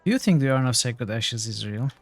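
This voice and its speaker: A man's voice: medium pitch, animated, fairly quick, no room sound. A man streaming a video game, reading quest text aloud and making wry, offhand remarks. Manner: wry, offhand remarks between read passages.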